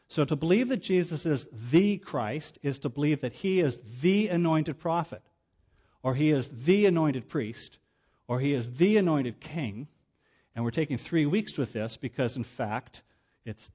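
A man's voice: mid-range voice, a little mellow. A male pastor preaching a sermon in a plain, conversational teaching manner with casual asides.

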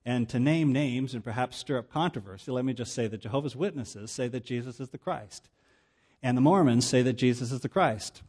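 A man's voice: mid-range voice, a little mellow, breathy edge. A male pastor preaching a sermon in a plain, conversational teaching manner with casual asides.

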